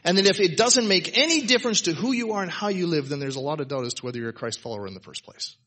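Guy preaching a laid-back sermon to a church crowd, bright slightly husky voice, keeps asking right?. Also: on the high side, lively intonation, rapid-fire. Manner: emphatic, informal, frequent "right?" asides. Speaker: pastor. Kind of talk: conversational sermon. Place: church service before a congregation.

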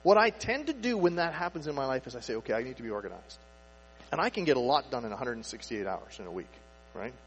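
A man preaching a sermon in a relaxed, conversational way, asking rhetorical questions and acting out people's inner thoughts. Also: mid-range voice, fast talker. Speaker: pastor. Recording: echoey hall with faint mains hum. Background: faint mains hum.

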